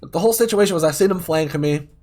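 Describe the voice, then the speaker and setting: Male streamer, slightly high voice, rambling and profane, casual gaming chat. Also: fast, a little mellow. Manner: rambling, heavily profane, many fillers. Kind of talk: casual storytelling while gaming.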